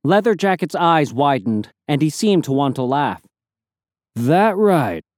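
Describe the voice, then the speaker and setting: A man narrating an audiobook in a measured storytelling manner. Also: fairly high pitch, sing-song, no echo, studio quality. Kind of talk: scripted narration.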